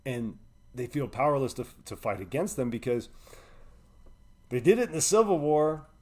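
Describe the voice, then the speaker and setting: A man's voice: mid-range voice, lively intonation, moderate pace, a little mellow. A man hosting a live stream, talking in an impassioned, preachy way. He swears freely, keeps asking "right?", and sounds like he is speaking from the heart. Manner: preachy and emotional, swears often, repeats "right?". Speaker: host of a live online show.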